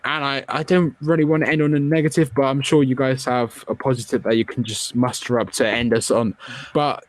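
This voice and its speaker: A man's voice: mid-range voice, fairly even intonation, a little fast, dry recording. A young man hosting a casual film review podcast, opinionated and chatty. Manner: opinionated, chatty with filler words. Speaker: podcast host.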